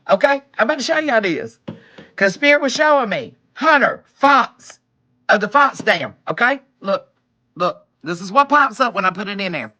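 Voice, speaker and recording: A woman reading tarot on a live stream, excitable and exclaiming, talking to viewers as y'all. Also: a little high, moderate pace, dull audio. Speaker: tarot reader.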